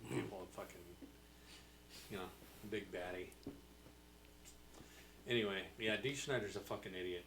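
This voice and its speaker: A man's voice: lowish voice, moderate pace, gravelly, pauses often, a bit bright, a little hiss or hum. A man hosting a casual podcast chat, blunt and dismissive, swearing freely. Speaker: podcast host.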